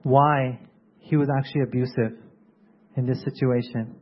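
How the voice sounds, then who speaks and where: A man's voice: medium pitch, steady tone, moderate pace. A man preaching a sermon who keeps turning to the congregation with questions and calls for agreement. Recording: dull lo-fi sermon recording.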